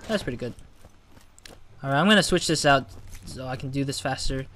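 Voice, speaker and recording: Bright-voiced man doing game commentary. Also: medium pitch, fairly quick, slight background noise. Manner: chatty, flustered exclamations when losing. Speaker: gaming channel host. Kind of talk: casual let's-play commentary.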